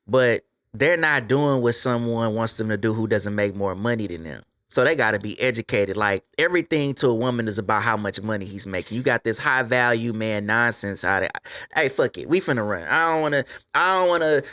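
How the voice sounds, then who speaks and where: A man's voice: medium pitch, animated, a little fast, sharp tone. An American man co-hosting a casual podcast discussion, opinionated and profane, lecturing his listeners. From USA. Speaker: podcast co-host.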